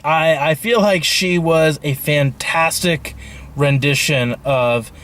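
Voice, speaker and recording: A man's voice: fairly high pitch, slow pace, fairly bright tone. A man co-reviewing a film in casual chat, mostly giving short agreeing replies and dry asides.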